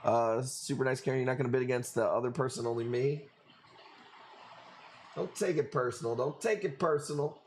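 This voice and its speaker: Briskly and in a mid-range voice, a man hosts a live coral auction stream, calling out bids and bantering loosely and profanely with viewers. There is slight background noise.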